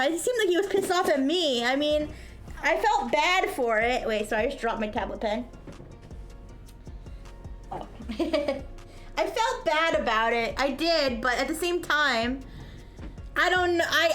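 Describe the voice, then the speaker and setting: A woman streamer chatting casually at her desk microphone, telling an animated story and acting out the people in it. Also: sits high. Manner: animated storytelling, acts out yelling voices. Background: soft music.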